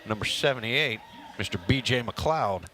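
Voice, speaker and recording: A man's voice: medium pitch, lively intonation, moderate pace, pushed and bright. A man calling a casual kickball game as play-by-play commentator, chatty and joking with his partner.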